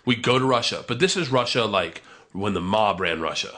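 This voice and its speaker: A man in his thirties telling a comic story, animated and profane, acting out the voices of the people in it. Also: lowish voice, brisk. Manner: animated, profane, acts out quotes.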